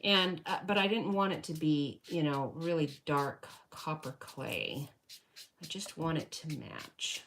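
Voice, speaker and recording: A deep-voiced woman speaks a little slowly while hosting a card-making tutorial at her craft table. Her manner is chatty, with thinking aloud, self-correction and laughter at herself. Loud background noise is present.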